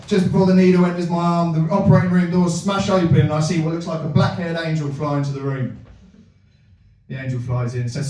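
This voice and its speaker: A man performing stand-up comedy, telling a long absurd story with deadpan build-ups and loud punchlines. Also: fairly high pitch, fast talker, distant mic. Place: comedy venue with live audience. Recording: echoey room miked from afar.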